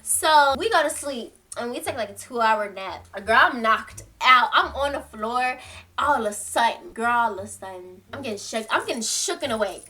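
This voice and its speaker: A woman's voice: a little high, normal speed. A young woman telling a story to her viewers in casual, slangy talk, acting out quotes and laughing as she goes. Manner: animated, slangy, laughs often, acts out quotes. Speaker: storytime vlogger.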